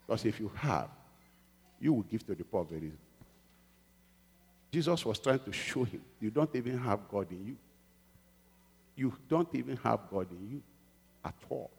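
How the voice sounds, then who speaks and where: A middle-aged man preaching a sermon in a church, swinging from hushed pleading to loud exhortation and calling for amens. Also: fairly low pitch, vocal fry, husky. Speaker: pastor. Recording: long reverb of a church hall.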